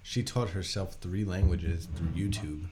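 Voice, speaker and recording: A man's voice: deep voice, a little slow, noisy background. An American man telling family stories in a casual podcast chat, laughing as he talks. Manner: animated storyteller, laughs while telling. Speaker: podcast host.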